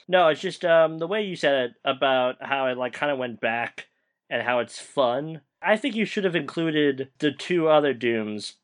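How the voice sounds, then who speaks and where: Male co-host, a touch higher in pitch, asks pointed questions in loose chat. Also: expressive, a little slow. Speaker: podcast co-host. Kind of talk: casual group chat.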